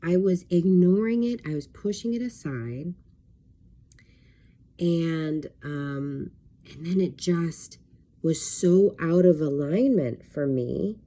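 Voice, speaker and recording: Woman, husky voice, low pitch, candid rambling vlog chat. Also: slow pace, warm tone. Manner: candid, rambling storytelling with fillers. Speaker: life coach. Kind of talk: casual talking-to-camera vlog.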